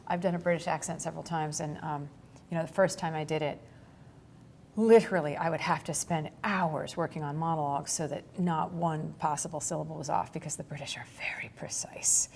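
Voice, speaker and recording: A woman in her forties, an actor giving an interview, telling stories in an animated way with lots of fillers and laughs. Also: low voice, a little fast, gravelly, slight background noise. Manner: animated storytelling, laughs often, many fillers. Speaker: actor guest. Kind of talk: casual interview chat.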